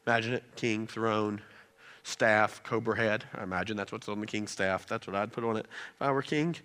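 A man's voice: on the low side, fairly even intonation, moderate pace, a bit bright. A man preaching a sermon in a loose, joking, conversational way, often checking in with his listeners. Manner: joking, conversational, keeps asking "right?". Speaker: pastor. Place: church in Rome, Georgia.

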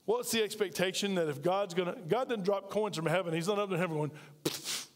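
A long reverb tail trails the quick, high voice of an American man preaching a sermon. As pastor of a large church, he speaks conversationally and gets his congregation to respond back.

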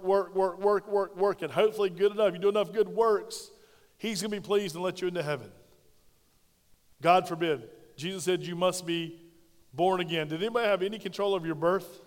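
A man preaching a sermon as pastor, animated and conversational. He questions his congregation directly and swings between loud emphasis and hushed, intimate tones. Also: sits high. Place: church sanctuary. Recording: long hall reverb.

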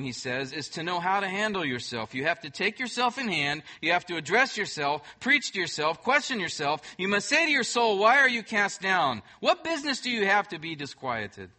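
A man preaching a sermon as pastor, emphatic, swinging between loud bursts and soft, hushed moments. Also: sits high.

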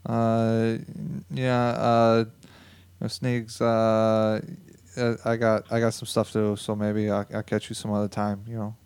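A man's voice: lowish voice, monotone, takes it slowly, darkish tone, clean tone, dry recording. A man playing an awkward, evasive guest who mumbles and hesitates through his replies. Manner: hesitant, mumbling, full of fillers. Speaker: guest analyst.

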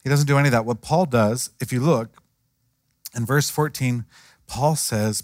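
A man's voice: medium pitch, moderate pace, pauses often, no room sound, studio quality. A man preaching a sermon in a conversational way, acting out the voices of the people he quotes. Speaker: pastor.

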